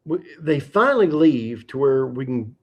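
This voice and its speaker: A man hosting a livestream, telling a fishing story in a casual, animated and profane way. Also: mid-range voice, normal speed. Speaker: livestream host.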